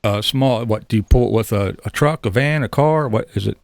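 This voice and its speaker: Man, gravelly voice, chatty interview host, loose and friendly, laughs easily. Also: fairly low pitch, brisk, darkish tone, no echo. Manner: upbeat, chatty, laughs often, restarts sentences. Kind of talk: casual interview chat.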